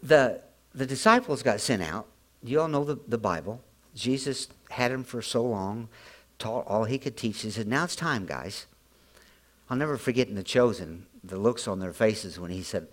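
A man's voice: mid-range voice, lively intonation, moderate pace, fairly bright tone. A middle-aged man preaching a sermon as pastor, telling stories in a folksy way, often repeating and restarting his words.

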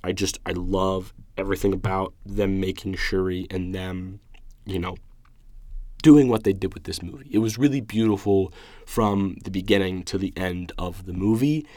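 A man's voice: sits low, fairly even intonation, normal speed, a little mellow, no room sound. A young man hosting his own show, talking through a film review in an eager, emotional, rambling way with lots of restarts. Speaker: podcast host reviewing a film. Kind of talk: casual solo review.

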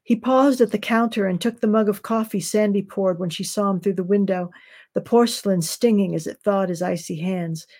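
A woman novelist reads a passage of her own fiction in a measured, unhurried way. Her voice is mellow and relaxed, sitting at an ordinary pitch.

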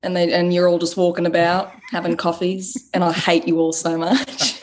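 An actress with an Australian accent, chatting casually as an interview guest and laughing between phrases. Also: female voice, fairly low pitch, flat delivery, moderate pace, noisy background.

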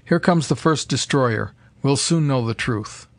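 A man's voice: mid-range voice, a little slow, no room sound, natural voice. A man reading the lines of a determined male scientist in a clipped, decisive way, close to his own voice. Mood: doubtful.

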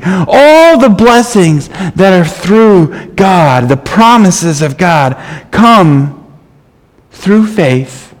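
A man preaching a sermon, reading scripture aloud and explaining it with emphatic, animated delivery. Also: sits high. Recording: long reverb in a large hall.

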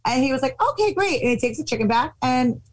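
A woman's voice: high voice, quick pace, poor audio. A woman telling a funny anecdote in casual chat, acting out the voices of the people in it. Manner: animated, acts out quotes.

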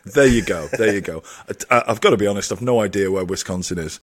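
A man's voice: lowish voice, brisk. An English man co-hosting a podcast, chatting and teasing his co-host in casual banter. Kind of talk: casual chat.

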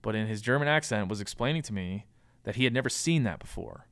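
A man's voice: fairly low pitch, expressive, quick pace, a bit bright, smooth, no room sound. A man speaking as a podcast guest, giving casual advice in a thoughtful way with frequent ums and restarts.

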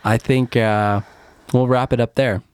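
A man's voice: mid-range voice, fairly even intonation, a little slow, a little mellow, slight background noise. A man co-hosting a casual podcast chat, joking around and slipping into silly voices and mock ads. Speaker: podcast co-host.

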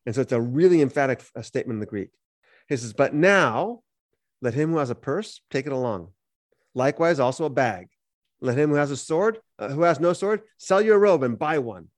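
Speaking at a quick pace in a medium-pitched voice, a man co-hosting a podcast reads passages of scripture and breaks them down like a friendly teacher. He sounds animated, and the studio-quality audio has no echo.

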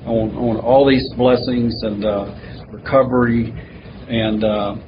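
A man's voice: medium pitch, steady tone, a little slow. A man in a recovery meeting earnestly sharing his struggle and asking a question, searching for words with many fillers. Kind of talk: sharing at a twelve-step meeting. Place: meeting room. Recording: muffled recording with audible hiss.

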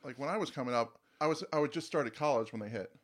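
A man's voice: mid-range voice, fast talker, fairly bright tone. A man in his fifties hosting a music podcast, upbeat and chatty, laughing easily. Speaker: podcast host. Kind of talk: casual chat.

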